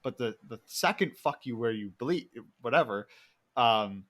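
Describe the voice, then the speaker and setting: A man's voice: mid-range voice, expressive, unhurried, a bit bright. A young man in his twenties or so chats on a podcast with an everyday mid-range voice. He rambles through stories, breaks into laughter, and swears easily. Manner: rambling storyteller, laughs often, swears freely. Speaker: podcast co-host. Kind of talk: casual chat.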